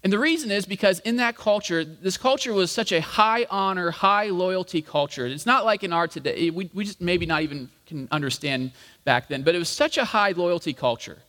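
A man's voice: high voice, normal speed, pushed and bright. A man preaching a sermon in a conversational, explanatory way, with frequent fillers. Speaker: pastor. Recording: long hall reverb.

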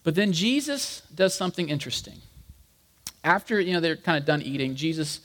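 Speaking a little fast, this fairly high-voiced pastor gives a casual, jokey sermon that feels like a conversation. Addressing the congregation as "guys" and treating them like old friends, he performs the quoted voices himself. A long reverb follows his speech through the hall.

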